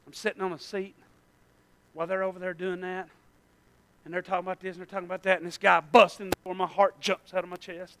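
High bright-voiced preacher. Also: male voice, level tone, quick pace, clean tone. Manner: swings from shouting to hushed storytelling. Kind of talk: sermon.

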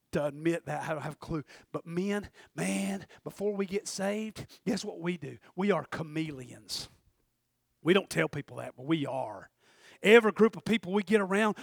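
A middle-aged man preaching a sermon. He calls out for amens and builds up to shouting. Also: vocal fry, no room sound, clean studio sound. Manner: shouts and climbs in pitch at peaks, calls for amens.

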